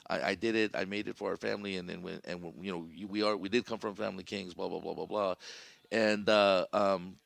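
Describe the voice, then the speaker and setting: A man's voice: deep voice, steady tone, fairly quick, vocal fry, no room sound. A man, a podcast guest, telling a long personal story in a casual, rambling way, full of "you know" and "right?". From Southern California.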